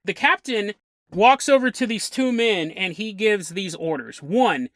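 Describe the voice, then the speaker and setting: Bright-voiced man telling a strange tale. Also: high-pitched, lively intonation, measured pace, no echo, clean studio sound. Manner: chatty and amused, chuckling through the tale. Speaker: podcast host. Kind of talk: casual storytelling narration.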